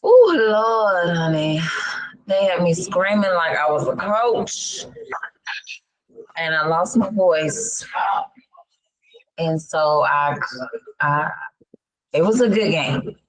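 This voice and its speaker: A woman's voice: low voice, slow, pauses often, poor audio. A woman in her thirties who has lost her voice, chatting as a podcast co-host with churchy exclamations. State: hoarse, lost voice. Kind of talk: casual chat.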